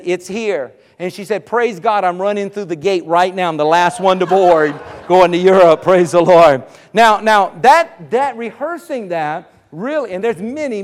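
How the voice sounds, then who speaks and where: A man pastor telling a story in a sermon, animated and breaking into praise. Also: high-pitched. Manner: animated, rises to exclamations of praise.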